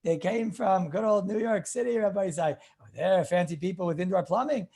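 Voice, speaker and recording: Husky-voiced rabbi telling lively stories. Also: male voice, sits high, a little fast. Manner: animated storyteller, repeats phrases, clears throat often. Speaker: rabbi teaching Jewish law. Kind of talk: informal Torah lecture with anecdotes.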